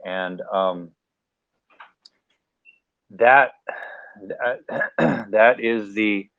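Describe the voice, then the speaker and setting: An American man speaking as a panelist in a casual live discussion, animated and acting out little scenarios as he talks. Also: on the low side, very slow, creaky, no echo. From United States. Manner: animated, acts out mock scenarios, laughs. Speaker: AMA panelist. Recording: tinny phone-like line, dry.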